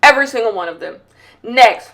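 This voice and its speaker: A high-pitched woman hosting a casual podcast, candid and full of slangy banter. She swings from loud, excited bursts down to quiet murmured asides as she talks while doing her makeup. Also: fairly quick. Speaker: podcast host. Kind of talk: casual chat.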